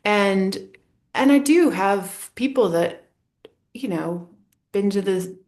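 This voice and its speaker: A woman's voice: medium pitch, animated, slow pace, a little mellow. A woman hosting a podcast, enthusiastic and affirming, laughing often in casual conversation. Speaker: podcast host.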